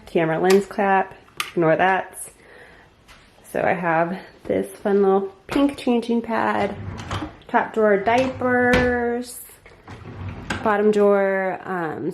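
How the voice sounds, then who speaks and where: A woman's voice: mid-range voice, roomy sound, slight background noise. A young woman chatting casually as a mom vlogger, upbeat and full of fillers like "um" and "like". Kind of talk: casual home vlog narration. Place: home nursery and kitchen.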